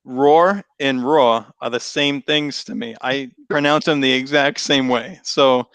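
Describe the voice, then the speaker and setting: Boston guy hosting a chill sports chat on a call, keeps laughing and restarting sentences, mid pitch. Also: steady tone, measured pace, fairly bright tone, smooth, no room sound. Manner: easygoing, laughs often, rambling restarts. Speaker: podcast host. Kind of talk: casual chat.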